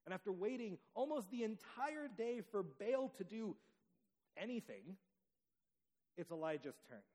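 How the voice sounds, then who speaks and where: A man preaching a sermon, telling the story with dramatic pauses and lively emphasis. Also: high voice, long reverb tail, poor audio. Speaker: pastor.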